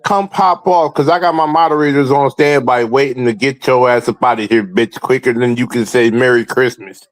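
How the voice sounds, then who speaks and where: A man's voice: medium pitch, moderate pace, no room sound, low-quality recording. A man hosting a livestream talk show, confrontationally calling out rivals. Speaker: host.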